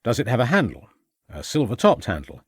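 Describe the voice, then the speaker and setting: A man's voice: medium pitch, wildly swooping pitch, fairly quick, breathy edge, no echo, heavily acted. A man reading an audiobook, voicing a shrewd, stern male police inspector who questions in a dry, mocking way. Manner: probing, dryly mocking.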